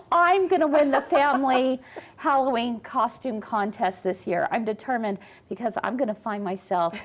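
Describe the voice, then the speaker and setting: A woman's voice: on the high side, a little slow. A woman in her fifties hosting a live sewing show, chatting casually and laughing often. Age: 50s. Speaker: host.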